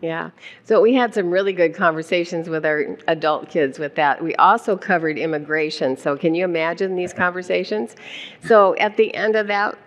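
An older woman with a fairly low voice tells a personal story on stage. Her delivery is animated and often breaks into laughter. Long reverb from the hall trails behind her. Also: normal speed. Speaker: guest speaker, founder's wife.

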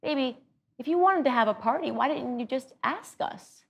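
A woman voicing her affectionate elderly grandfather, speaking softly and tenderly. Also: very high-pitched, huge pitch swings, normal speed, voice pushed up, heavily acted. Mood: gentle. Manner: soft, tender coaxing.

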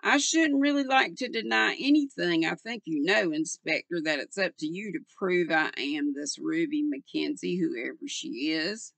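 A woman's voice: low voice, normal speed, gravelly, hardly any pauses, no room sound, full character voice. Older woman reading as a cool, amused young woman. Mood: challenging. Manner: calm, guarded, faintly amused.

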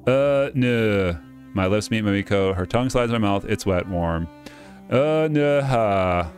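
A man's voice: on the low side, a little slow, soft background music. A man reading a visual novel aloud and breaking off into wry jokey asides, often stumbling over names.

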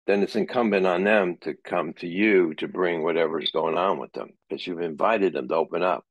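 A man's voice: deep voice, moderate pace, no room sound. A middle-aged man teaching a psychology class in a conversational way, sometimes acting out example dialogue. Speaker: psychology lecturer. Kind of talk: classroom lecture.

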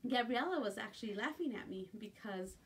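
A woman's voice: fairly high pitch, animated, a little fast. Chatty woman on a distant phone mic. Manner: chatty, slips into cooing baby talk. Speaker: live-stream jewelry seller. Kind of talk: casual live-stream chat. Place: home at night. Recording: distant phone mic with faint room noise.

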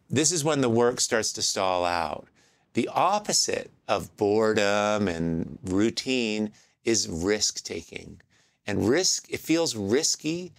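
Low-voiced man musing on a podcast. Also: no room sound. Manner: reflective, many fillers and restarts. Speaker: podcast host. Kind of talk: casual podcast talk.

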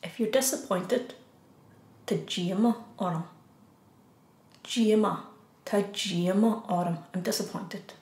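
Slow-speaking Irish woman teaching. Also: medium pitch, darkish tone. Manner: repeats each phrase slowly, then gives the English. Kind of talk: slow beginner language lesson. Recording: echoey room.

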